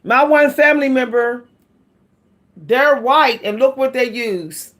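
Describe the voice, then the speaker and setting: A woman's voice: high voice, takes it slowly, a bit bright. A woman vlogging about hair care in a casual, chatty way, laughing often and calling her viewers "y'all.". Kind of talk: casual chat to camera.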